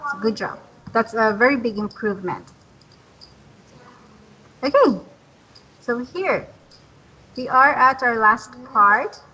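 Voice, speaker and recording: A woman teaching an English lesson online, patient and encouraging, speaking slowly and clearly. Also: a little high, animated, pushed and bright, lo-fi sound.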